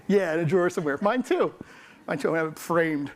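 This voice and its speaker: A man giving a humorous, energetic keynote to a live audience, quizzing them and mimicking what people say. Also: a little high, fairly quick, slight background noise. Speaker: conference keynote speaker.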